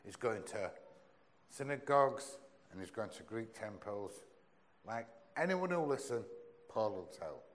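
A young man preaching a sermon in a conversational, earnest way, often dropping into a low, soft voice. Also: very animated, a little slow.

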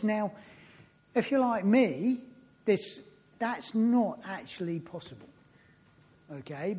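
A man's voice: high voice, darkish tone, slightly rough. A man teaching informally from the Bible, reading scripture aloud between chatty asides. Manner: chatty, laughs and loses his place, reads scripture aloud. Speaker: preacher.

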